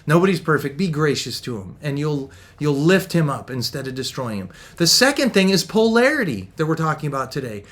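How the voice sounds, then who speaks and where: A middle-aged man giving an energetic, upbeat Christian marriage talk. He laughs often and acts out the voices of the people he quotes. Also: a little high, a little fast, few pauses. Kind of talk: motivational talk.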